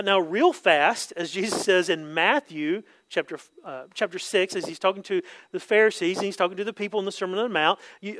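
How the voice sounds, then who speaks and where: A man preaching a conversational sermon, often asking "right?" and acting out quoted voices. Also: a bit bright. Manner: acts out quotes with sudden pitch jumps. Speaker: pastor. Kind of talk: expository sermon.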